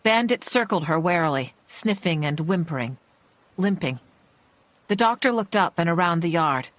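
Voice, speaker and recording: Low-voiced woman narrating a thriller. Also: animated, moderate pace, dry recording. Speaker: audiobook narrator.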